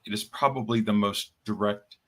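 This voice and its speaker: Bright-voiced man chatting on a podcast. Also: on the low side, steady tone. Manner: halting, many fillers and restarts. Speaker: podcast co-host. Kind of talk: casual chat.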